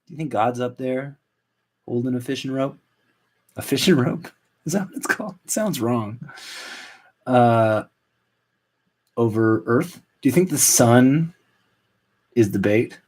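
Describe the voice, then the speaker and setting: A man in his late thirties hosting a solo comedy podcast, rambling in a deadpan, self-mocking way. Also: mid-range voice, measured pace, pauses often. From Canada. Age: 30s. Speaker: podcast host. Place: at home.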